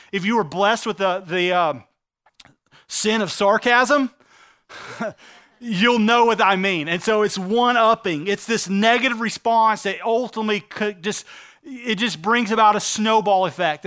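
A man preaching a sermon as a pastor, earnest and emphatic, slowing down to stress key phrases. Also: high-pitched, fairly bright tone, clean tone.

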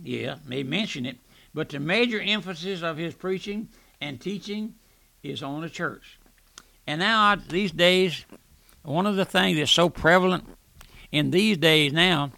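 A man's voice: a little high, gravelly, pushed and bright, no echo. An older man preaching a radio sermon, earnest, often restarting words and calling the listener "my friend".

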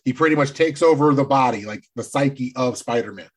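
A man co-hosting a casual movie discussion, excitable and animated, swearing freely as he talks. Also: mid-range voice, a little fast, slightly rough. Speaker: podcast co-host.

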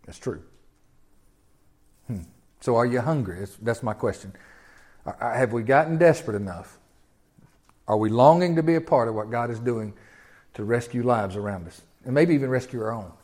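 A man's voice: mid-range voice, normal speed, long pauses, a little mellow. A male pastor preaching a sermon in a conversational, storytelling way, often repeating words and rising in sudden swells.

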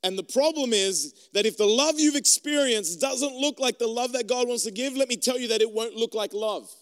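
A man delivers a sermon in a conversational, joking manner, acting out little exchanges as he goes. His voice sits high for a man. It rings with the long reverb of a large hall. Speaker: preacher. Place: room with an audience.

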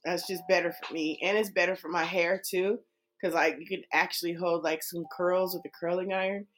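A woman's voice: on the low side, steady tone, brisk, fairly bright tone. An American woman chatting casually as a co-host, rambling and laughing easily. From United States. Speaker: co-host answering a chat. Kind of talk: casual chat. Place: home, on the East Coast.

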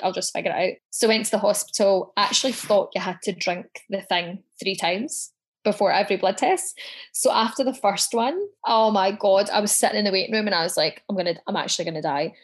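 A woman as a podcast guest, telling stories in a lively way and swearing as she goes. Her voice sits in a middle pitch, and she acts out what she said back then with plenty of drama. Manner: animated storyteller, swears freely, acts out her own quotes. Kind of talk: casual chat.

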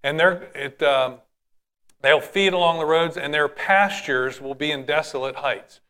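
Male preacher, slightly higher voice, plain explanatory Bible teaching. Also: measured pace, sharp tone, smooth. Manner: reads scripture then explains it in plain words.

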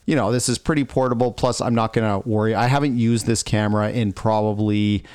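A man's voice: fairly low pitch, fairly even intonation, a little fast, darkish tone, clear, resonant tone, no echo, studio quality. A middle-aged man from Canada co-hosting a podcast, chatting casually and telling a long story in a rambling way, acting out what others said. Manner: rambling storyteller, acts out quotes. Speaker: podcast co-host. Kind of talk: casual chat.

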